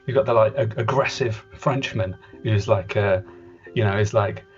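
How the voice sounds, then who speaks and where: A man's voice: lowish voice, normal speed. Rambling man, lo-fi sound. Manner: rambling, hesitant, with many restarts. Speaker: podcast host. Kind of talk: comedy sketch as a voice director. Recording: dull lo-fi podcast audio with faint music.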